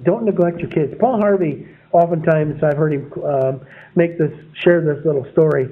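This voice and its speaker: A preacher with a higher-pitched voice speaks at normal speed, delivering a folksy, rambling sermon full of homespun stories. He chuckles at his own anecdotes, and the recording has a narrow, phone-like sound.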